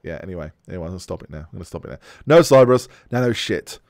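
A man's voice: low voice, lively intonation, very fast, a little mellow, dry recording, clean studio sound. A man hosting a podcast in casual chat, ranting bluntly and swearing freely. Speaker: podcast host.

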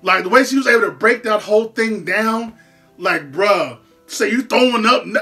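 A host giving casual reaction commentary in an animated way, laughing often, repeating words and using heavy slang. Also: mid-range voice, normal speed, soft background music.

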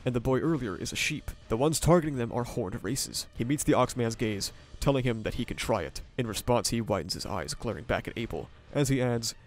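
A man narrating a scripted story summary and analysis in a steady retelling voice. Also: mid-range voice, brisk, few pauses. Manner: steady retelling with brief commentary.

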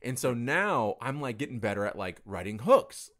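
A man's voice: mid-range voice, very animated, normal speed, fairly bright tone. A young adult man in casual conversation, talking candidly and rambling, swearing freely as he tells stories.

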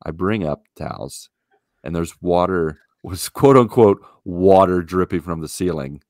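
Very deep-voiced man telling a story. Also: unhurried, no echo, studio quality. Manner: animated storyteller, exasperated. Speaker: podcast co-host. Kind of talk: casual chat.

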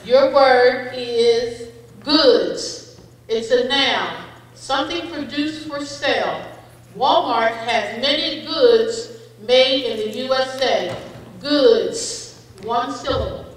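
Slow-reading woman in an echoey hall. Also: high-pitched, distant mic. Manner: slow, deliberate word reading, kind to children. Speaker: spelling bee pronouncer. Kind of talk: reading words, definitions and sentences aloud. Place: school event hall.

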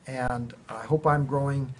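A man, a church planter, telling a personal testimony in a casual, animated way, acting out quoted dialogue. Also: medium pitch, unhurried. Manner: conversational, animated retelling with quoted dialogue and restarts. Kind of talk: casual spoken testimony storytelling.

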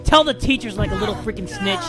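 Excitable high-voiced young man gamer. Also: quick pace, over music. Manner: excitable, loud outbursts, swears a lot. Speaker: gaming YouTuber. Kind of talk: energetic let's-play commentary.

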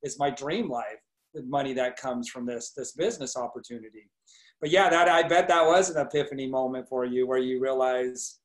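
A man's voice: mid-range voice, fairly even intonation, brisk. A man hosting a business training call, enthusiastic and encouraging as he coaches the group. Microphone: video call. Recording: echoey room over video call.

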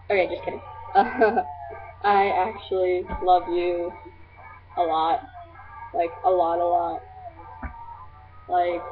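A teenage girl vlogging casually to her friends, gushing and rambling with lots of fillers. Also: on the low side. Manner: gushing, scattered, filler-heavy. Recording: tinny lo-fi webcam audio.

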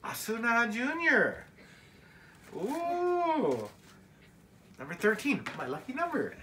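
Cheery American mom-vlogger type, animated and exclaiming, gently herding a kid through an unboxing. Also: female voice, fairly high pitch, slow, a little hiss or hum. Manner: upbeat, exclaiming, coaxing a child along. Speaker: family vlogger. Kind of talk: casual home unboxing chat.

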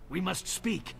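An actor playing a smug, scheming city official who chuckles while giving orders. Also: male voice, very high-pitched, vocal fry, a bit bright, heavily acted. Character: scheming male city official handing out dirty jobs.

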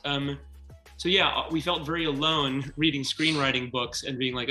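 Guy filmmaker in an interview, bright voice, acts out quotes, echoey room w faint music. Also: medium pitch. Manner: animated, quick storytelling, acts out quotes. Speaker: filmmaker guest. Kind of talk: casual interview chat.

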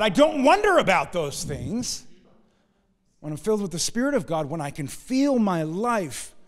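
A man preaching a sermon as pastor, emphatic, swinging between loud rising stresses and quiet low asides, with wry humorous remarks. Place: church sanctuary. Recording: long hall reverb in a church.

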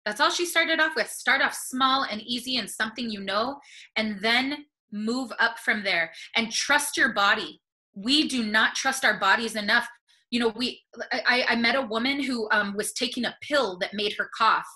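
This plant medicine panelist speaks in a webinar over video call, earnest and encouraging, and becomes emotional while talking. Her voice leans high, bright, and forceful at a moderate pace, captured in poor audio.

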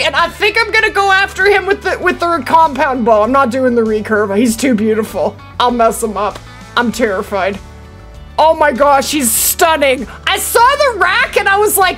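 A young woman live-streaming a hunting game, chatting with her viewers and getting excitable. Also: high-pitched, normal speed, faint music behind. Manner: excitable, chatty, talking to chat. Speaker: gaming streamer.

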